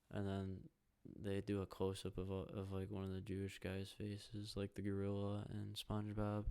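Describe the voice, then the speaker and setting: A young man from the hosting a casual solo podcast, rambling with heavy profanity and reacting out loud to a hockey game. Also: low voice, monotone, normal speed, hardly any pauses, clean tone. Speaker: podcast host.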